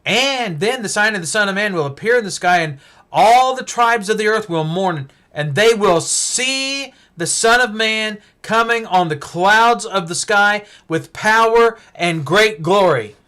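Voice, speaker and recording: A male preacher giving a Bible-teaching sermon, emphatic and full of rhetorical questions, swinging between loud stresses and hushed asides. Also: high-pitched, lively intonation, unhurried.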